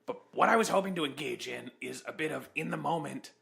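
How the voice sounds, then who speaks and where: Deadpan man hosting, bright voice. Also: a little high, quick pace, gravelly. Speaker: host. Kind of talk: improvised comedy chat.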